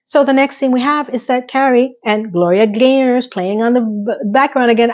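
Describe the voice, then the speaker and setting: A woman's voice: a little high, moderate pace, few pauses, muffled recording. Sassy chatty woman recapping a show. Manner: chatty, sassy asides, acts out quotes. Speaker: recap host. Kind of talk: casual TV recap commentary.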